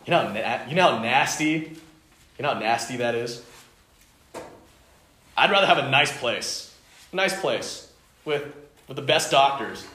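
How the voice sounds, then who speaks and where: A man's voice: mid-range voice, animated, unhurried, long pauses, sharp tone. A man doing a whiny young man begging his dad. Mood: whining. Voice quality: whiny, bargaining. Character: pampered young man pleading with his father for comforts. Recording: echoey room, faint noise.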